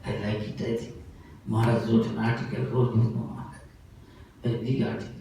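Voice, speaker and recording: A monk giving a sermon, telling a story in a lively, animated way and often breaking into laughter. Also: male voice, lowish voice, brisk, a little hiss or hum. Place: festival hall. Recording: very echoey hall, voice from far off.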